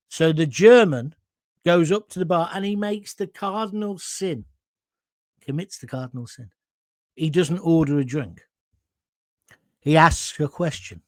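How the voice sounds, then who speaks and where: Give me an older host telling stories casually, a slightly high voice, dry close sound. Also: male voice, no echo. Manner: chatty and anecdotal, often asks "right?". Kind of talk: casual storytelling on a live show.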